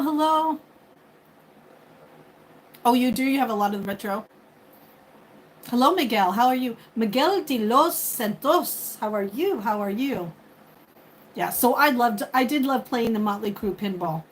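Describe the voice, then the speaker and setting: A woman's voice: mid-range voice, a little hiss or hum, rough recording. A woman in her forties chatting casually with her live viewers, rambling and openly emotional. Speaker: livestream host.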